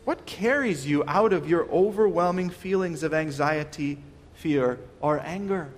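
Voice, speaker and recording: A man's voice: fairly high pitch, a little slow, long reverb tail. A man preaching a sermon, earnest and questioning, often restarting his words. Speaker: pastor.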